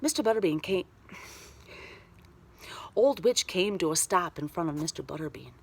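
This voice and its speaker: A woman telling a children's story aloud, very expressive and dropping to a whisper at spooky moments. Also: on the low side, moderate pace, creaky, husky.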